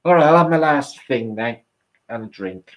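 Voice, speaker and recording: A man's voice: mid-range voice, lively intonation, normal speed, slight background noise. A man hosting a late-night livestream, rambling and swearing as he chats with his viewers and answers their comments. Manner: rambling, sweary, chatty with the audience. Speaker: livestream host.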